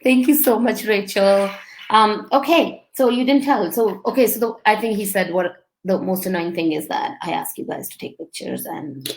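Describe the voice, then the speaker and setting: A woman's voice: mid-range voice, moderate pace. A woman hosting a casual live-stream chat, teasing her guest and laughing often. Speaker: show host interviewing her husband.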